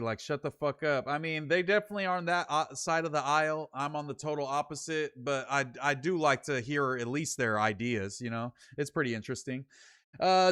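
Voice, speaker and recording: A young man from Sacramento, California hosts his own late-show livestream, reading viewer comments and telling rambling, slangy stories full of fillers. His voice is a little high and a bit bright.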